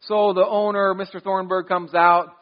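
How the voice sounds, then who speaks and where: A pastor with a notably high voice delivers a sermon in a conversational way, restarting phrases and drifting into quoted asides. His tone stays level and his pace moderate, while the sound is dull and lo-fi.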